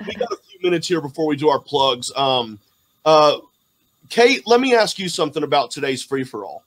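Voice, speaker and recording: A man's voice: a little high, animated, fairly quick, poor audio. A man hosting a casual online show, upbeat with lots of ums and uhs. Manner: upbeat, hesitant with fillers. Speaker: host. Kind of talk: casual chat.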